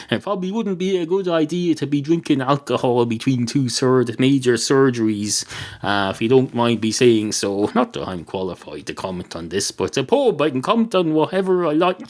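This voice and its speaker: A man's voice: mid-range voice, close to an everyday voice. Nosy male pub patron who rambles on, a man voicing him in a joke. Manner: rambling, chatty.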